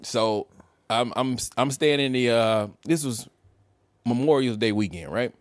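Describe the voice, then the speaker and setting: A man's voice: medium pitch, measured pace, dry recording. A man, co-hosting a podcast and telling a casual story, laughing and acting out what people said. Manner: animated, laughing, acts out quotes. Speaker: podcast co-host.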